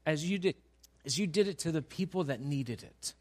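A man's voice: on the high side, animated, moderate pace. A man preaching a sermon, who reads scripture and acts out its dialogue with playful humor. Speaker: pastor.

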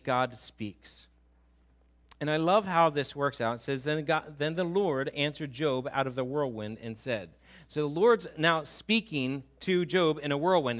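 A man's voice: on the high side, a bit bright. A male pastor giving a conversational, emphatic sermon and asking his listeners questions.

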